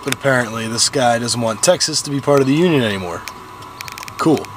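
A man's voice: medium pitch, brisk. A young man filming a casual vlog, joking and playful as he talks. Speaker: vlogger filming. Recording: loud traffic noise outdoors.

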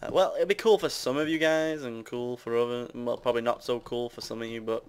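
A young Brit narrates his building-game session for viewers in an offhand, self-deprecating, rambling way, cracking jokes as he chats with them. His medium-pitched voice is steady and brisk, with a clear, resonant tone.

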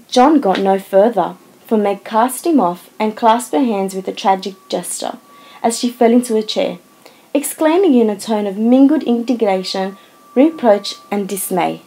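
A woman narrating a classic novel audiobook in a lively, dramatic storytelling manner. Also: medium pitch, normal speed, poor audio.

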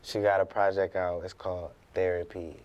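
A man's voice: deep voice, flat delivery, normal speed, dull audio. A man from Compton, a guest singer, talking in a laid-back casual chat. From Compton, California.

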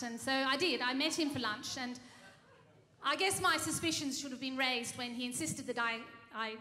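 Cabaret chanteuse, female. Mock-earnest patter full of ums, high and bright, recorded live in a roomy echoing venue. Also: moderate pace. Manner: rambling, full of ums and restarts; mock-earnest tall tale. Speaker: cabaret singer and bandleader. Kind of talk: comic stage monologue. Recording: reverberant live room.

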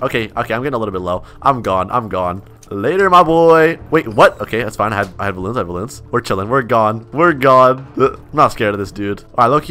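A man giving chatty, excitable live gameplay commentary, repeating phrases and laughing often as he plays and reads his chat. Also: mid-range voice. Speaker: gaming YouTuber.

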